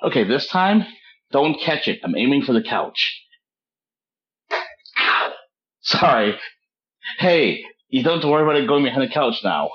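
A man's voice: medium pitch, big pitch swings, normal speed, pauses often, muffled recording. A man as game master, chatting wryly while tending to a baby. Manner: wry, talks to his baby. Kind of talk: casual chat.

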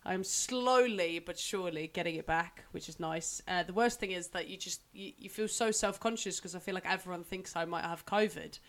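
A young woman, co-hosting a casual podcast chat while recovering from a cold that deepens her voice, chatty and laughing often. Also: moderate pace, few pauses. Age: young adult. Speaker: podcast co-host.

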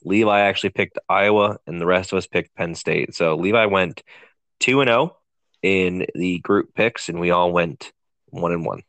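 Speaking in a low, slightly bright voice at a moderate pace, this podcast co-host guides a laid-back sports chat. His manner is conversational and relaxed as he asks the questions, with no room sound in the recording.

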